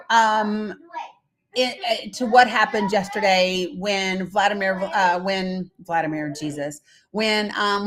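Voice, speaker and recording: A woman hosting a casual live stream, talking bluntly with lots of fillers and reading out viewer comments. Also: medium pitch. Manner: chatty, blunt, with frequent fillers; reads viewer comments aloud and talks to her kids mid-stream.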